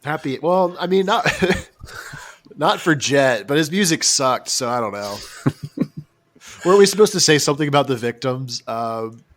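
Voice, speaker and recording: Unhurried and expressive, a US man's mid-range, fairly bright voice carries a true crime tale on a casual podcast he co-hosts. He jokes, wanders off track and tosses in mocking remarks, and the recording is dry.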